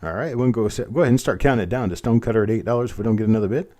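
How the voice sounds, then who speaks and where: A man's voice: medium pitch, racing, warm tone. A man hosting a live online coin auction, calling bids over and over and chatting with bidders. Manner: repetitive bid calling, friendly asides to bidders.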